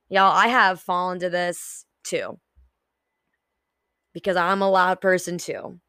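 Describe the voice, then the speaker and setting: Slow-talking young woman podcaster, dry close mic. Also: on the low side, level tone, a bit bright, smooth, no echo. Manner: candid, swears freely, acts out her own inner voice. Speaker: podcast host. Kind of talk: solo motivational podcast talk.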